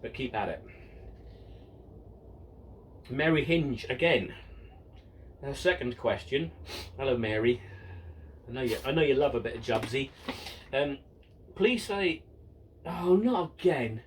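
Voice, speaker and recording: Bloke, 50s, channel host doing a loose viewer Q and A, self-mocking and full of ums, mic a bit distant with faint noise behind. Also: male voice, mid-range voice, expressive, takes it slowly, pauses often. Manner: jokey and self-mocking, many ums and restarts. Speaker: model railway channel host. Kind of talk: casual Q and A, reading out viewer questions.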